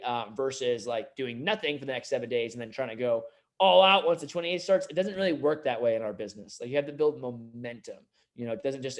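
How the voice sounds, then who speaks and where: A man running a sales team meeting, giving an energetic motivational talk full of "like" and "you know". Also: medium pitch.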